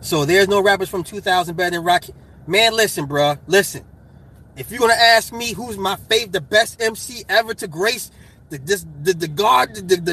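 A middle-aged man in casual chat, animated and profane, getting hyped and laughing as he argues his point. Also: high-pitched, normal speed, husky.

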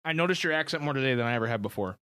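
Profane Michigan-accented podcast host. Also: male voice, medium pitch, rapid-fire, smooth, no echo, studio quality. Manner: loose and profane, lively intonation. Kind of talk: casual chat.

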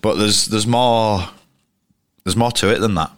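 On the low side and unhurried, his intonation stays fairly even, with no echo and clean studio sound. He's a Yorkshire cricketer at a pub interview, casually recounting rambling, blunt stories packed with restarts.

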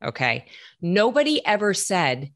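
A middle-aged woman with a low voice talks candidly as a guest. She is blunt and emphatic and swears in passing. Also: very animated, a little slow. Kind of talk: candid conversation.

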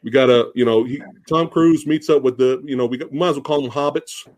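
A man hosting a podcast, chatting casually and excitedly about a movie, swearing freely and restarting his sentences. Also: mid-range voice, fast. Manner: excited, profane, lots of fillers and restarts. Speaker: podcast host. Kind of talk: casual chat.

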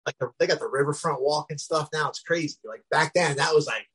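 Husky middle-aged New man. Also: a little high, a little fast, a bit bright, low-quality recording. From New Jersey, US. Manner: rambling, frequent "you know what I mean" fillers. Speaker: guest. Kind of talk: casual storytelling.

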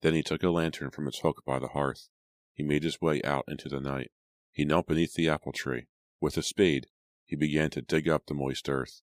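Very deep-voiced man reading a story. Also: fairly even intonation, moderate pace, no room sound. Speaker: audiobook narrator. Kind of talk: scripted dramatic narration.

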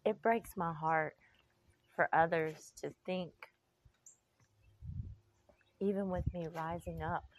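A middle-aged woman giving an emotional personal testimony, slow and heartfelt with faith-filled sighs and pauses. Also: on the low side. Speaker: vlogger.

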